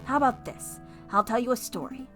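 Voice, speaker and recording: A woman's voice: a little high, expressive, fairly quick, fairly bright tone, faint music behind. A woman voicing a sly male fox thief in a visual novel, speaking in a theatrical, evasive manner. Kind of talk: reading a visual novel aloud.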